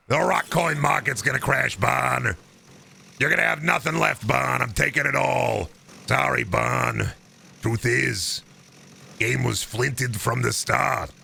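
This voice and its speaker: A gruff cartoon caveman, as a male streamer puts him on, talking slow and threatening with heavy pauses. The voice is gravelly and bright at the edge, sounding like a menacing mob boss from the stone age. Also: medium pitch, heavily acted.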